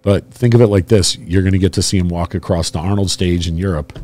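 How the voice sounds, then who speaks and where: Reassuring, low-voiced podcast host. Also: male voice, steady tone, fast, darkish tone. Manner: reassuring, encouraging. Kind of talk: casual interview chat.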